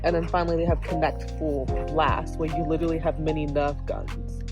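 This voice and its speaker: A woman's voice: low-pitched, level tone, brisk, music in the background. Chatty young woman vlogging. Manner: chatty, addresses viewers as y'all. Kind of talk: casual vlog chat. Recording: roomy echo.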